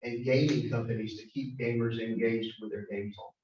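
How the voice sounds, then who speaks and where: A man's voice: medium pitch, steady tone, moderate pace, darkish tone, a little hiss or hum. A man giving a prepared, earnest speech to a club meeting. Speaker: guest speaker. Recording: echoey, distant, dull room recording.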